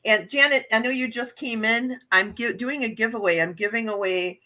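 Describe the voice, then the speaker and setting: A woman's voice: on the high side, normal speed, pushed and bright. A woman from Wisconsin hosting a casual morning livestream chat and reading viewers' messages aloud. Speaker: livestream host.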